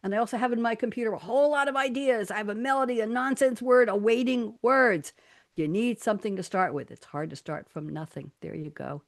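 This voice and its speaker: A woman's voice: a little high, fairly quick, vocal fry. Playful woman radio host, theatrical. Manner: playful, theatrical, laughs often. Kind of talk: live talk show, reading quotes and poems. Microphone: studio mic.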